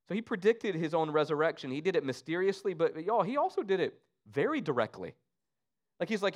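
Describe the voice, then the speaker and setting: A man preaching an Easter sermon, swinging between loud emphasis and soft, low asides. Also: sing-song, quick pace. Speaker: pastor.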